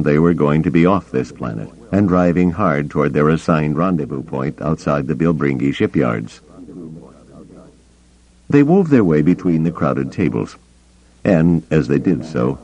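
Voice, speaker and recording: A man narrating a story in an expressive storytelling manner. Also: rumbling low, dull audio. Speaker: audiobook narrator. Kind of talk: scripted narration.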